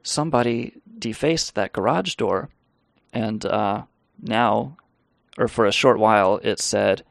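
A man's voice: fairly low pitch, slow, vocal fry, no echo. A man hosting a live stream, telling a rambling, profane story with laughs and reading the chat aloud.

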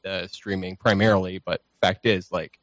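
A man's voice: low voice, flat delivery, normal speed, no room sound. A man talking as a podcast guest in a loose, rambling, profane and self-deprecating way, recorded on a home streaming mic. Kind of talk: casual chat.

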